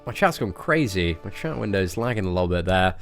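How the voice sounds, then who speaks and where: Brief: British male streamer, jokey live chat, animated pitch, faint music behind. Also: brisk. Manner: playful, joking, laughs often. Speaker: game streamer. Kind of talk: casual live-stream chat reading out viewer comments.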